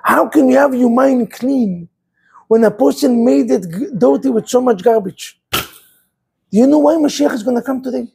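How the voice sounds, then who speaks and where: A man's voice: very high voice, moderate pace, vocal fry, mellow, slightly rough, poor audio. A man, a rabbi, preaching an impassioned sermon full of rhetorical questions.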